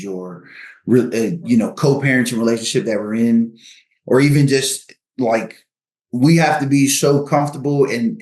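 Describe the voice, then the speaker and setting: A man's voice: mid-range voice, reverberant. A man guesting on a podcast, giving earnest advice on marriage and co-parenting, leaning on sports analogies.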